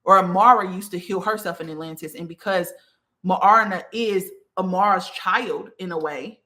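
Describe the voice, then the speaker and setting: Woman, spiritual teacher, casual talk, lowish voice, conversational, checks in often. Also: normal speed, pushed and bright. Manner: conversational, many fillers like okay and like.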